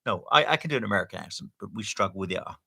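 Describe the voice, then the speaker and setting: A man's voice: on the low side, lively intonation, racing, vocal fry, sharp tone, slightly rough. A man with a British accent co-hosting a live stream, reading chat messages aloud in a playful, teasing way with many fillers. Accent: British English.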